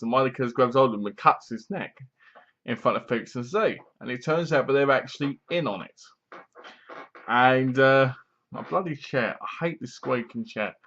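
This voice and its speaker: A man chats through a horror film review at home, retelling scene after scene and acting out the lines as he goes. His voice sits at an ordinary middle pitch. The home recording sounds dull and lo-fi. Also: moderate pace, pushed and bright. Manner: rambling, enthusiastic retelling with acted-out quotes and laughs. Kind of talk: casual spoken film review. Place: home room, seated in a squeaky chair.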